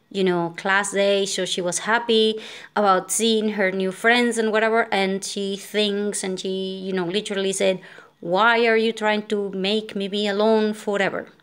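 Exhausted woman vlogger, venting frustration in a rambling rant, mid-pitched voice. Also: clear, resonant tone. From Venezuela. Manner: frustrated, venting, many fillers and restarts. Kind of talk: casual storytelling rant.

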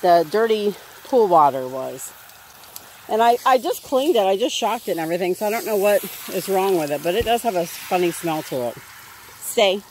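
A woman talks casually outdoors, her pitch swooping up and down as she chats and coaxes her dog in a sing-song. Faint outdoor noise sits behind her voice. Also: expressive, normal speed, darkish tone. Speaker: dog owner vlogger. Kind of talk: casual vlog narration. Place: outdoors by a pool.

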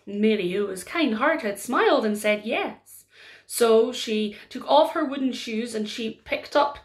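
A woman storyteller with a fairly high voice, telling a folk tale slowly and unhurriedly. She leans into the story with gentle drama. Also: lively intonation.

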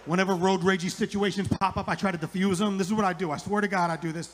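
A man's voice: sits high, steady tone, fast talker. A middle-aged man doing a rambling stand-up comedy set on a club stage, repeating his lines for the punch.

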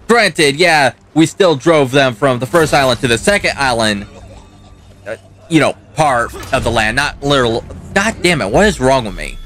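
A young man running a gaming channel rants and swears as he narrates his own gameplay in let's play style, talking back to the game. His voice is medium in pitch and a bit bright.

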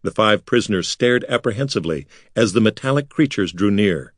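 A man reading a fantasy novel aloud as an expressive audiobook narrator. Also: on the low side, brisk, no room sound, studio quality. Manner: lively, expressive storytelling.

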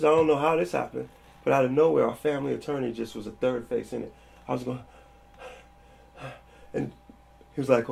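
A man in his forties telling stories from his past in a casual interview, animated and quick to act out the people in them. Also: mid-range voice. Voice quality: gravelly, husky. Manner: animated, acts out quoted people with a raised voice. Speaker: interview guest.

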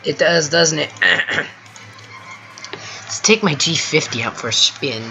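A gamer at home talks through a match in an easygoing, excitable way, calling out targets and joking with a friend on the team. The voice sits at an ordinary middle pitch. Game music plays clearly underneath the whole time. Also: slow pace, highs cut off. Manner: chatty, excitable, talks to a teammate while playing. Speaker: gameplay video host. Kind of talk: casual live gameplay commentary.

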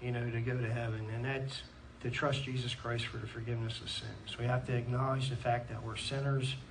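A man's voice: mid-range voice, level tone, a little fast, vocal fry. Earnest Pennsylvania man preaching, scripture and amens, distant mic in a church. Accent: Pennsylvania American. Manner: earnest, reads scripture aloud with frequent amens. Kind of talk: sermon. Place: church hall. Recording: distant mic in a church with faint room noise.

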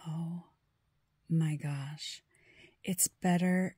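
A middle-aged woman in an excited unboxing vlog, gushing to her viewers and often dropping into breathy whispers. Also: sits low, slow pace, no echo. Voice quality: breathy, husky. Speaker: fountain pen vlogger.

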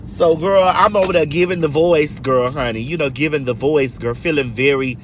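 This is a deep-voiced woman in her forties speaking at normal speed, a Georgia native who livestreams while driving. She tells her viewers stories in a chatty, sassy manner, addressing them as girl and honey. It's recorded on a phone in the car, with road and vehicle noise audible.

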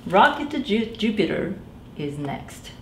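A woman reading aloud, voicing a proud young boy builder in a children's storybook, slow and emphatic. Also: medium pitch, very animated, fairly bright tone, slight background noise. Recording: echoey room.

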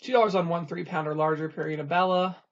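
Couponing vlogger with a gravelly, husky voice, running down a deal list item by item; dull lo-fi home recording. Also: medium pitch, steady tone. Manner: reads items off in a quick plain list. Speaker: couponing channel host. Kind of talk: casual coupon rundown.

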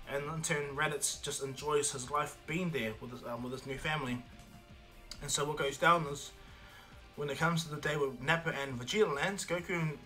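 A man narrating a homemade fan story in a loose, rambling way, restarting sentences and filling pauses. His voice is bright and forward, with faint music underneath. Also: a little high. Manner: rambling, many restarts and fillers. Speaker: fan storyteller, channel host.

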